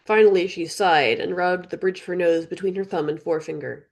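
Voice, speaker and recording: A woman reading her own fantasy audiobook in an even storytelling narration. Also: fairly low pitch, brisk, gravelly. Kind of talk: scripted narration.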